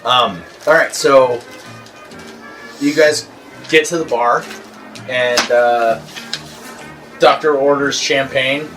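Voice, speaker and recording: A man's voice: medium pitch, slow pace, pauses often. Brief: male game master, easygoing, lots of ums, a bit far from the mic, music bed behind. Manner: relaxed, full of fillers. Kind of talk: narrating a tabletop game.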